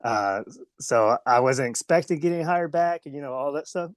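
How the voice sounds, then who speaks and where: Guesting on a casual storytelling interview, an ex-wrestler with a slight Southern American accent rambles through tales, laughing frequently and mimicking voices. He speaks at normal speed with lively intonation and medium pitch, with no room sound in the recording.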